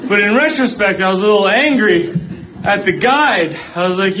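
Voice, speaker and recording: Animated high-voiced male comic, live crowd. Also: moderate pace, noisy background. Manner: animated, acts out voices, laughing. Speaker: stand-up comedian. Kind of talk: stand-up storytelling. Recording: live club set with loud audience. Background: audience laughter.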